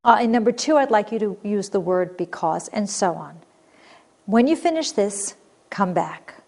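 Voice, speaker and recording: A woman teaching a recorded grammar lesson, explaining clearly and patiently. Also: medium pitch, lively intonation, moderate pace, a little mellow.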